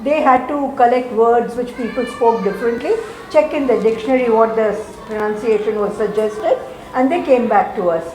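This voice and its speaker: A woman's voice: fairly high pitch, normal speed, a little mellow. A woman teacher with an Indian English accent, explaining step by step at a group meeting and switching between English and Hindi. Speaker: teacher and mentor. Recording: echoey room, faint background noise.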